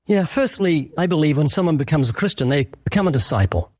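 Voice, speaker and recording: Earnest preaching man, fairly high voice. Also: expressive, fast, darkish tone, husky, no room sound, studio quality. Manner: earnest, emphatic, illustrates with little acted quotes. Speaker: evangelist guest. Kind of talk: preaching interview answer.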